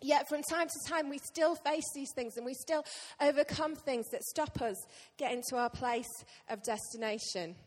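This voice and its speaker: A woman pastor preaching a sermon to her church, lively and joking with the congregation. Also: sits high, normal speed, few pauses. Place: church hall. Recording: long reverb of a church hall.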